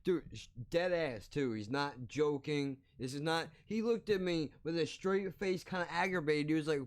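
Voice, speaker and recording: A young man hosting a podcast, telling a story as a blunt, profane, animated rant. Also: a little high, normal speed, clean tone. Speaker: podcast host.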